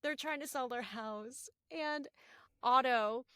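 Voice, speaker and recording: Upbeat woman cohost, kinda high bright voice, dry sound, laughs lots. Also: takes it slowly, smooth, no echo. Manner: enthusiastic, laughing. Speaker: podcast co-host. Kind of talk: casual chat.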